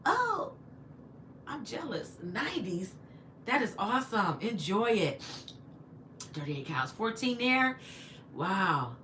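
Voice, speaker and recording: Lady livestreaming at home, chatty and lively, reads comments to her viewers, bright tone. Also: mid-range voice, slow pace, long pauses, a little hiss or hum. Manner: chatty and animated, talks back to viewers and her pet. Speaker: livestream host. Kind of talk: casual livestream chat, reading comments. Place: inside her house.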